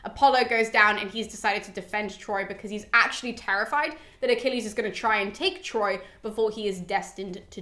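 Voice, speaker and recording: A woman's voice: medium pitch, sharp tone. A young British woman casually retelling a classic poem as a podcast host, chatty and swearing freely. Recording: roomy echo.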